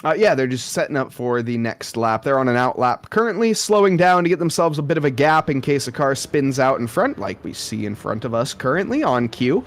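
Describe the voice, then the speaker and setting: A man's voice: mid-range voice, big pitch swings, fairly quick, few pauses. A young man doing live sim racing commentary, rambling in a jokey, self-aware way.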